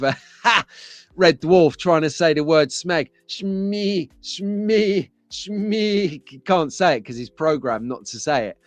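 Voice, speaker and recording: A man's voice: fairly high pitch, dry recording. An English man hosting a casual live stream, chatting and joking with viewers and laughing often. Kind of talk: casual live chat reading viewer comments.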